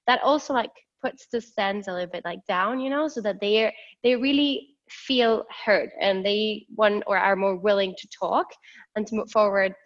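A woman hosting a podcast interview, talking casually with many fillers and quoting others. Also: medium pitch. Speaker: podcast host. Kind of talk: conversational interview. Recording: dull, lo-fi sound.

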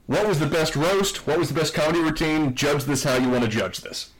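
A man's voice: a little high, a little fast, low-quality recording. Upbeat man recapping a TV episode. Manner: enthusiastic, animated recapping. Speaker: podcast co-host. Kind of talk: casual review chat, reading quotes aloud.

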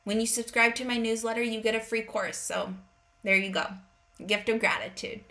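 A woman's voice: a little high, steady tone, moderate pace, bright, forceful tone. A woman in her thirties hosting a parenting podcast, speaking earnestly and directly in a conversational monologue.

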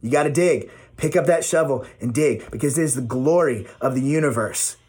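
Husky man giving a pep talk. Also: mid-range voice, brisk, darkish tone. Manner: encouraging, repetitive, affectionate. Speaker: motivational vlogger. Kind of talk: casual motivational talk to camera. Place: at home.

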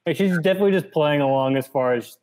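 A man co-hosting a casual podcast, reading a novel aloud and explaining it as he goes, relaxed and often laughing. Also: on the high side, quick pace, rough recording.

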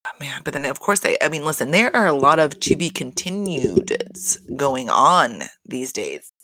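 A man's voice: a little high, big pitch swings, a little slow, bright, forceful tone. A man giving a casual recap of a reality show, blunt and profane, exasperated, and laughing often.

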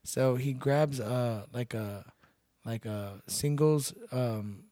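A young man from Texas trades stories in a relaxed podcast interview, blunt and unbothered, cursing as he goes. His voice sits at an ordinary middle pitch. It is captured dry and close on a studio mic. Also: slow pace, no echo. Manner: laid-back, blunt, swears freely. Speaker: podcast guest, bouncer and MMA fighter. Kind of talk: casual storytelling chat.

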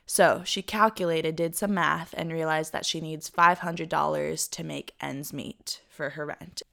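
A young woman with a slightly low voice tells a story to her podcast co-host. She is chatty and animated and laughs easily. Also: measured pace, gravelly. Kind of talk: casual storytelling chat.

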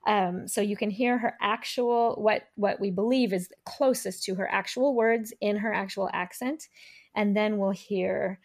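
Woman podcast co-host, mid-pitched, relaxed conversational delivery. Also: measured pace. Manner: conversational, explains and introduces clips. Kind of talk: casual chat.

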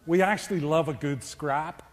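A man's voice: on the high side, normal speed, big-room sound. A man preaching a sermon in a church, chatty and joking with the congregation.

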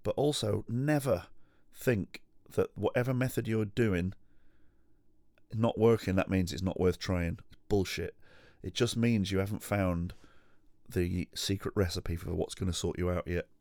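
A man's voice: deep voice, steady tone, a little slow, darkish tone, no room sound, studio quality. A man hosting a solo podcast from his home, candid, rambling and sweary. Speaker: podcast host.

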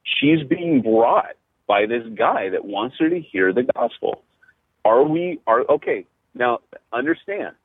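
A middle-aged man, a pastor and podcast host, telling stories in casual chat, animated and full of "you know" and restarts. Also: mid-range voice, husky, no room sound. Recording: tinny phone-like line, dry.

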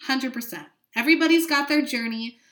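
Bright-voiced woman venting on a podcast. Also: high voice, brisk, roomy sound. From California. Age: late 20s. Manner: frank, profane, venting with dramatic asides. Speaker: podcast host. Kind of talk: candid solo podcast monologue.

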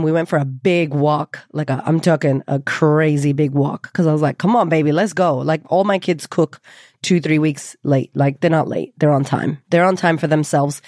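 A woman hosting a podcast, telling a personal story in a candid, lively way and swearing freely. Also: deep voice, dry recording, studio quality. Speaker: podcast host.

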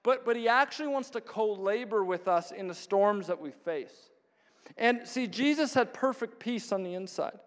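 A man's voice: high voice, animated, normal speed. A man preaching a sermon, telling stories with frequent chuckles and acting out the voices of others. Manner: storytelling, chuckles often, plays out voices of others. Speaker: pastor. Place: church hall. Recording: long hall reverb.

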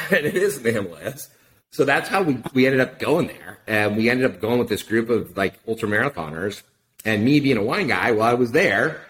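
A middle-aged man telling a story casually in an interview, animated and profane, acting out the dialogue. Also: mid-range voice, slight background noise. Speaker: podcast guest, wine consultant.

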